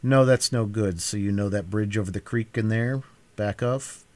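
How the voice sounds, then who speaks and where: A cool, self-assured young man, unhurried and matter-of-fact, voiced by a male reader in a cold-read audiobook. His tone is very low and steady. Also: natural voice. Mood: calm.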